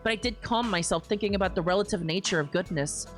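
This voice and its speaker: A young adult woman streaming a game, reading the narration steadily between loud, laughing, swearing reactions. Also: medium pitch, quick pace, faint music behind.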